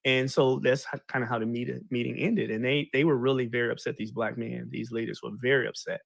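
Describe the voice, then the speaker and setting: A man casually explaining history in an animated, slangy way, retelling events with paraphrased quotes. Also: mid-range voice, brisk, creaky, dry recording.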